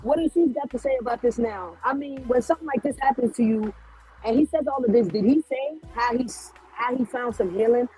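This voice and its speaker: A woman's voice: a little high, brisk, warm tone, rough recording. A woman co-hosting a casual talk show, blunt and profane, asking the same questions over and over. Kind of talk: casual chat.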